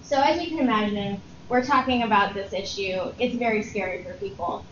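A woman with a small, squeaky voice explains things step by step to a workshop audience, pausing to check that they follow. The sound is muffled and roomy, with steady noise behind her. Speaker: public health digital lead, presenter. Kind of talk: workshop presentation. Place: meeting room.

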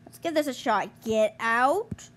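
A young woman commentating her gameplay, exasperated and groaning, yelling at other players to get out of her way. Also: on the high side, expressive, unhurried, slight background noise. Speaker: gamer streamer.

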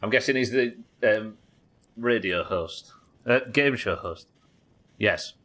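A man's voice: on the low side, takes it slowly, fairly bright tone. A man livestreaming a game, chatting, swearing and thinking aloud. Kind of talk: casual gameplay commentary.

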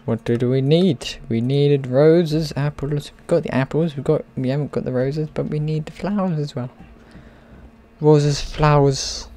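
A man's voice: fairly high pitch, moderate pace, hardly any pauses, mellow. A man giving playful, rambling commentary as he plays a game, chatting to the characters on screen. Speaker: gaming channel host. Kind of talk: gameplay commentary.

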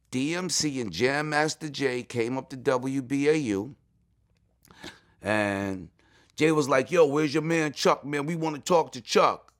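A middle-aged man from New York telling stories in an interview, excitable and full of asides, often jumping up high when he quotes people. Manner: excitable, repeats "you know what I'm saying", jumps to high voice when quoting. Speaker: interview guest. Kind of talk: animated storytelling.

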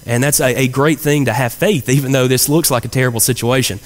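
A man's voice: medium pitch, fairly even intonation, fast. A man preaching a sermon in a church, earnest and conversational, with frequent fillers and restarts. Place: church sanctuary. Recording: church hall reverb.

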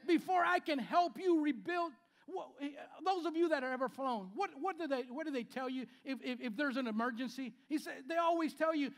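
A pastor in his fifties preaches with a high voice for a man. He swings between loud, emphatic lines and quiet asides, and he repeats key phrases as he goes. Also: a little fast. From Spanish-speaking background. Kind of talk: sermon. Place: church sanctuary.

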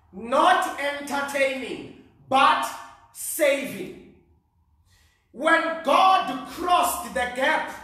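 Woman preacher, high voice, very unhurried, emphatic sermon delivery, heard from a distance in a very echoey hall. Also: pushed and bright. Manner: emphatic, repeats key words, rhetorical questions.

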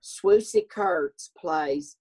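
Husky-voiced Southern man, chatty storyteller. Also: fairly high pitch, extremely slow. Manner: chatty, animated storyteller who acts out quoted voices. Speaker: guest. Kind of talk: casual chat.

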